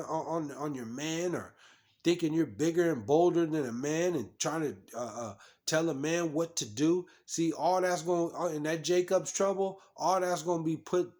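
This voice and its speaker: A man's voice: on the high side, darkish tone. A man preaching, reading scripture and commenting on it in a scolding, repetitive way, stumbling over restarts and fillers.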